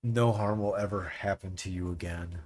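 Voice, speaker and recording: A man's voice: deep voice, fairly even intonation, moderate pace, darkish tone, slight background noise. A man narrating as game master in a tabletop game, often laughing as he narrates.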